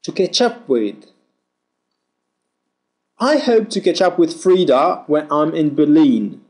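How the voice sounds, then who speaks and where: A man reads pronunciation drills slowly and carefully, giving every sound its full shape. His fairly high voice rises and falls a great deal as he works through each line. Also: expressive, darkish tone. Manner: slow, deliberate, over-articulated reading. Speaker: pronunciation teacher. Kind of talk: reading pronunciation drills aloud.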